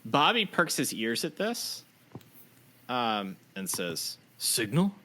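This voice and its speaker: A man narrating as game master of a tabletop role-playing game, relaxed and full of fillers. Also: medium pitch, slow.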